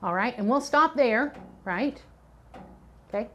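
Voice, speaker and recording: A middle-aged woman with a fairly high voice leads a teacher training session. She talks in an easy, conversational way and keeps checking in with her listeners as she explains. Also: expressive, measured pace, fairly bright tone, muffled recording. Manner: conversational, checks in with "okay?" and "right?".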